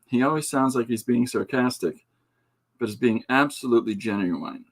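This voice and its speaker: This man, a comic artist and podcast host, has a husky, medium-pitched voice and a moderate pace. He shows his pages during a loose, rambling chat packed with jokes, filler words and digressions.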